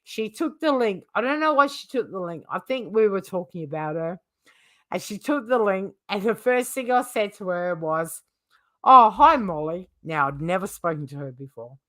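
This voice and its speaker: A woman's voice: mid-range voice, animated, normal speed, no echo, studio quality. A woman hosting a livestream who gossips casually, swears freely and laughs often. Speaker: livestream host.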